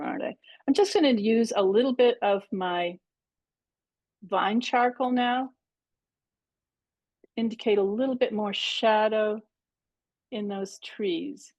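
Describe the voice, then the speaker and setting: A woman's voice: fairly high pitch, a little mellow, dry recording. A middle-aged woman teaching a painting workshop over a video call, chatting and thinking aloud as she works. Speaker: pastel art instructor. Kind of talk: live online painting demonstration.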